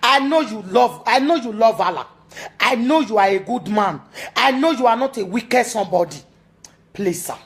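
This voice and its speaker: A woman's voice: on the high side, lively intonation, moderate pace. A woman with a Nigerian accent making an emotional, pleading appeal, repeating her entreaties and now and then slipping into a sung chant.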